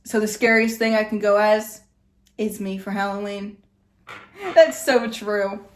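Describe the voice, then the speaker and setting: A woman's voice: mid-range voice, flat delivery, unhurried, slight background noise. A woman hosting a reaction video, giving blunt, opinionated commentary in a casual, chatty way.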